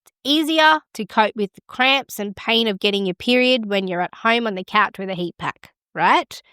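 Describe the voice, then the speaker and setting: A woman's voice: medium pitch, normal speed, sharp tone, clear, resonant tone, no echo, studio quality. A middle-aged woman hosting a midwifery podcast, giving frank, encouraging advice in a conversational way. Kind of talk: casual advice talk.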